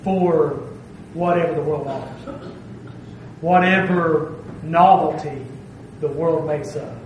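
A man's voice: a little high, steady tone, slow pace, darkish tone, dull audio, a little hiss or hum. A man preaching a sermon with emphasis, stressing his phrases and asking "okay?" to check that he is followed. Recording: very echoey room, heard from a distance.

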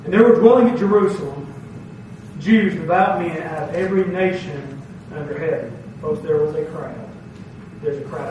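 High-voiced preacher in echoey hall. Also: male voice, recorded from a distance, slight background noise. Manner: folksy, conversational preaching with scripture reading. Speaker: pastor. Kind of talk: sermon. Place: church sanctuary. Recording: very echoey hall, mic from afar.

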